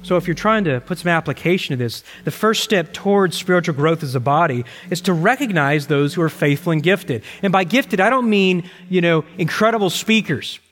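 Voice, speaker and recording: A middle-aged male pastor preaching a sermon with emphasis, slowing down to repeat key phrases. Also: on the high side, animated, fairly bright tone. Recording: long reverb in a large hall.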